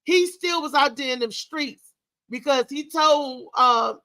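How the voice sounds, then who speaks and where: Animated, bright high-voiced woman storyteller. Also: unhurried, no room sound, low-quality recording. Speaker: talk show host. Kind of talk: candid storytelling chat.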